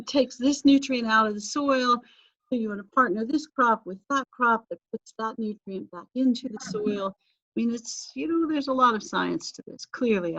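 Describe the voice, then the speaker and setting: Lady teacher rambling thru a lecture, jokey asides, flat dry lo-fi sound. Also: medium pitch, no room sound. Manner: chatty, self-deprecating asides. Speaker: history teacher. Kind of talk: casual recorded lecture. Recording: dry, dull lo-fi recording.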